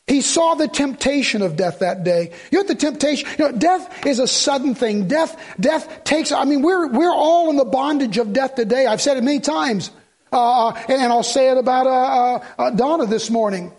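A man's voice: extremely high pitch, animated, normal speed, darkish tone. An older man preaching a funeral sermon, reading scripture aloud and repeating phrases fervently for emphasis. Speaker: pastor.

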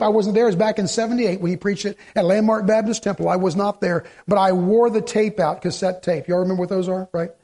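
High-voiced preacher man. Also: a little mellow. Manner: preaching with rhetorical questions and sarcasm. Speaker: pastor. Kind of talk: sermon. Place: church.

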